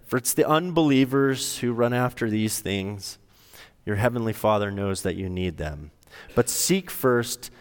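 A man's voice: fairly low pitch, clean tone. A middle-aged man preaching a sermon as a pastor, telling a story in a conversational way with shifting emphasis. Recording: long hall reverb.

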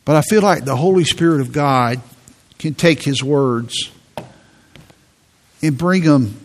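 A man's voice: fairly high pitch, takes it slowly. A man preaching a sermon in an earnest tone, often repeating words as he presses a point.

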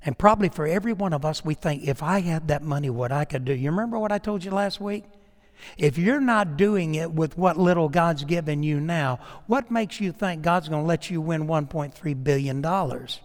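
A man preaching a sermon, swinging from hushed asides to loud, emphatic peaks. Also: on the high side, normal speed, long reverb tail. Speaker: pastor.

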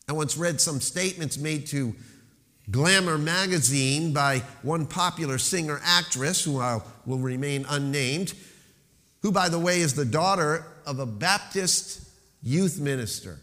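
A man's voice: mid-range voice, a bit bright. Emphatic preaching man in a reverberant hall. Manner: emphatic preaching with slowed, stressed phrases and falling rhetorical questions. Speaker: pastor. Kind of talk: sermon.

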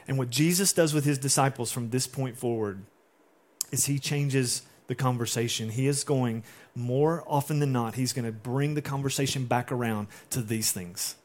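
A man's voice: mid-range voice, moderate pace. A male pastor preaching a sermon in a conversational way, using rhetorical questions and acting out quotes.

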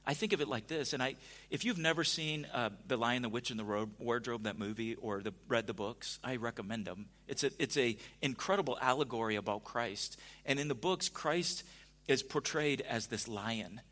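A man preaching a sermon in a conversational way, dropping to a hush at times and rising to emphatic points. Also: mid-range voice, moderate pace. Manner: conversational, swings from hushed to emphatic. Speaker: pastor.

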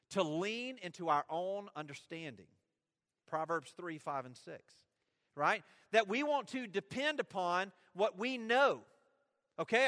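A man's voice: sits high, sharp tone. A man preaching a sermon with emphasis, often asking his listeners questions. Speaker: pastor. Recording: long hall reverb.

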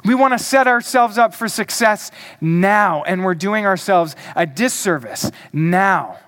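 A male pastor preaching a sermon, emphatic and deliberate, asking the congregation questions. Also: sits high, animated, a bit bright.

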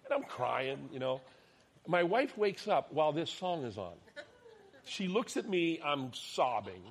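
Middle-aged guy preaching, tells stories, goes loud then real quiet. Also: on the high side, unhurried. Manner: animated storyteller, swings between loud and hushed. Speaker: pastor. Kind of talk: sermon with personal stories.

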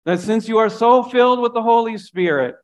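A man's voice: very high-pitched, fairly quick. A man, a pastor, preaching a sermon earnestly, often repeating phrases and dropping his voice for emphasis.

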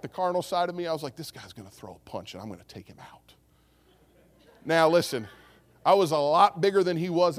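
A male pastor preaching a sermon, telling a story with lively acted-out voices. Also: sits high. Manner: animated storytelling, acts out voices. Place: church sanctuary. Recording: long reverb of a church hall.

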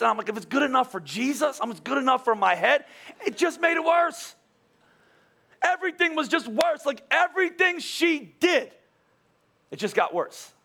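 A man preaching a sermon, telling Bible stories with lively asides and often repeating his first words as he starts a sentence. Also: sits high. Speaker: pastor.

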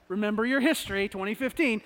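A man's voice: extremely high pitch, fairly bright tone, in a large hall. A man from the United States preaching a sermon, conversational and often repeating words as he searches for the phrasing. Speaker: pastor.

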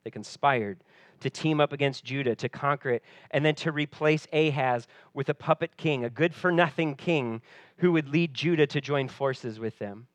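Male preacher, mid-pitched, expressive sermon delivery, dry close mic. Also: moderate pace, no echo. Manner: expressive, drops to soft voice for quoted lines. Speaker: pastor.

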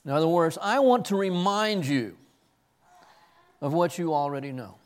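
In an expository sermon that draws on a personal story, an earnest pastor tends to repeat words while he finds his way forward. His voice is a little high and expressive, at a moderate pace.

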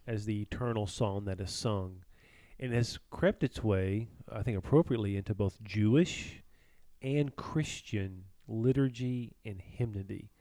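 A man hosting a casual Bible discussion podcast, speaking in a thoughtful, teacherly way with frequent halting restarts. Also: lowish voice, dark tone. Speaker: podcast host leading Bible study.

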